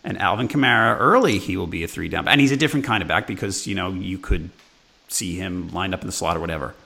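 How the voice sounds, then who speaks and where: A man's voice: deep voice, fast, vocal fry, sharp tone. A man from New York hosting a casual sports podcast, talking in a conversational way and trailing off mid-thought. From New York, USA. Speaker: podcast host.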